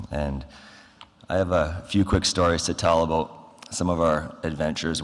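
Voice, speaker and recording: A man with a very deep, low voice and a Canadian accent speaks at a memorial service. He tells his stories haltingly, with many fillers, and acts out the phone calls. His voice carries a long reverb from the large hall around the podium microphone. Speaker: eulogy speaker. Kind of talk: memorial speech, storytelling.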